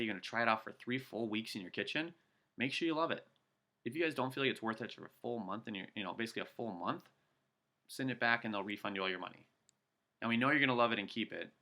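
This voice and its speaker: Man, sales trainer, low voice, bright forceful tone, coaching, acting out pitches. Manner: energetic, coaching, role-plays customer pitches. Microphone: video call.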